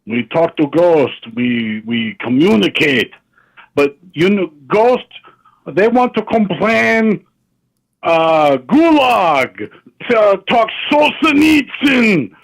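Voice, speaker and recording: Guy doing a fake russian caller, slow and clipped, pitch swinging all over. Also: sing-song, exaggerated voice, poor audio. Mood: deadpan. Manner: broken clipped English, repeats himself. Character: man caller with a fake Russian accent, gruff and deadpan.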